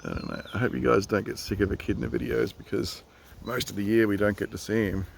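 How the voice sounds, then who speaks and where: A man with an Australian accent, chattily narrating a casual nature vlog outdoors for his nephews, getting excited and hushing near animals. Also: fairly low pitch, fast talker, vocal fry, a little hiss or hum. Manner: chatty and enthusiastic, drops to a hush near animals. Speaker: uncle filming a nature video for his nephews. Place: outdoors in a rural yard with bush and birds.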